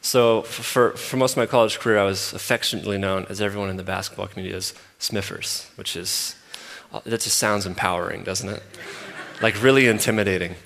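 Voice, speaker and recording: A man's voice: fairly low pitch, brisk, slight background noise. Emphatic preacher man in a big hall. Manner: emphatic, repeats phrases, swings from loud to soft. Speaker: pastor. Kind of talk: sermon. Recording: long hall reverb.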